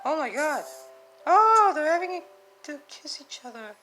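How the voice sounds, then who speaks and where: A woman hosting her own reaction video, chatting casually and breaking into excitable, gasping exclamations. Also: sits high, a little slow, over music. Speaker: reaction channel host.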